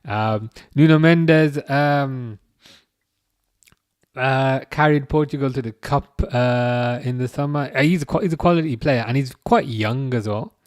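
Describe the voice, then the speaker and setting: Halting man chatting on a live stream. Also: medium pitch, clear, resonant tone, dry recording. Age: 30s. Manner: halting, restarts often, dry jokes while reading chat. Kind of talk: casual live-stream chat.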